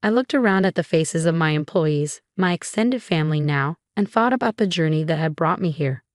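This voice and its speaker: A woman narrating a scripted first-person story in a measured, even way. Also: sits low, no room sound, studio quality.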